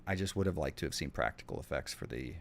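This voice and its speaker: Low-voiced swearing male streamer. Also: expressive, fast talker, creaky, slight background noise. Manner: chatty, swears a lot, reacts to chat. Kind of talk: casual gameplay stream chat.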